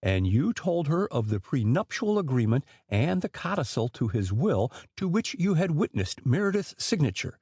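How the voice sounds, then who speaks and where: A man's voice: a little high, sing-song, normal speed, few pauses, a little mellow, husky, no room sound, voice pushed up, heavily acted. A man reading the part of a grim, persistent police inspector who questions in a dry, probing way.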